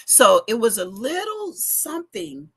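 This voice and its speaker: A woman's voice: a little high, huge pitch swings, unhurried, breathy edge. A middle-aged woman, chatting animatedly to viewers in a casual livestream from her home basement, speaking into a phone. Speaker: fashion week organizer giving a live update.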